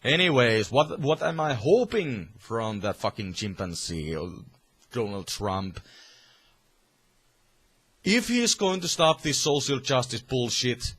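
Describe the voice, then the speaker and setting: A man's voice: mid-range voice, very animated, measured pace, a bit bright, slightly rough. A man from Finland with a Finnish accent, delivering a heated, profane political rant to camera with many restarts. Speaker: vlogger.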